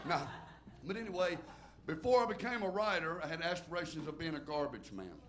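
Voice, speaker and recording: A man's voice: a little high, big pitch swings, brisk. A middle-aged man from Alabama with a Southern accent, a stand-up comic on a club stage reciting bawdy, crude poems in a rambling way and laughing at his own lines.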